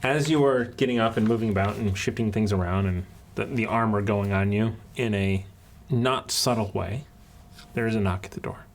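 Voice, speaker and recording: A man running a tabletop game as game master, narrating in a halting way full of restarts. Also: lowish voice, a little hiss or hum. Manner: hesitant, many fillers and restarts.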